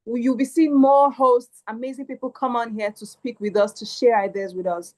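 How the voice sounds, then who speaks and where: Woman host, fairly high voice, upbeat and persuasive. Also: steady tone, moderate pace, poor audio. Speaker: webinar host. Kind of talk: hosting a webinar.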